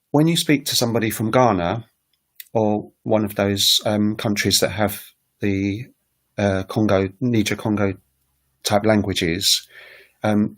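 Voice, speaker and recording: A man teaching on a casual livestream, talking in a rambling, hesitant way with many fillers. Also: on the low side. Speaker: language teacher and recorder player. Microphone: webcam livestream setup.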